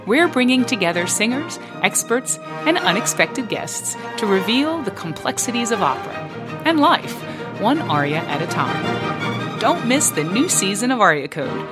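A woman's voice: mid-range voice, sing-song, normal speed. A woman hosting an upbeat scripted podcast promo. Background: loud music.

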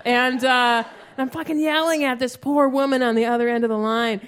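A woman performing a stand-up comedy set, telling stories animatedly and acting out her own yelling. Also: high-pitched, brisk, few pauses, some chatter behind, a little hiss or hum. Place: live comedy stage with an audience. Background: audience laughter.

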